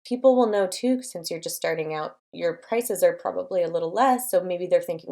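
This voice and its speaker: Young woman giving pep-talk business tips, kinda low voice, lots of ums and likes. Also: brisk, gravelly, dark tone. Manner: encouraging, chatty, lots of fillers. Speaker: design studio owner and channel host. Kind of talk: casual advice to camera.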